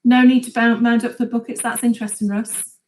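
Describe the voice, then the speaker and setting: A woman's voice: a little high, flat delivery, fairly quick, a little mellow, poor audio. A woman hosting a gardening live chat, chatting casually and laughing often as she reads viewer comments aloud.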